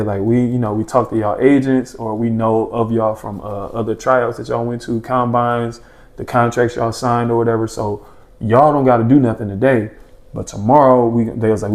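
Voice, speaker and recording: A young man telling stories on a podcast, easygoing and full of slang. His voice sits at an ordinary middle pitch, and he jumps into the voices of friends and of his younger self as he goes. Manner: animated storyteller, acts out his own past thoughts and friends' reactions, slangy. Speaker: podcast guest, former junior college basketball player. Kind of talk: casual storytelling in a podcast chat.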